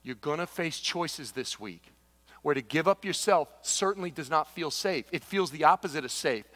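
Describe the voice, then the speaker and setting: Lively man preaching in an echoey hall. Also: a little high, normal speed. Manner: animated storytelling, swings between loud exclamations and hushed intensity. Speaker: pastor. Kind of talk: sermon.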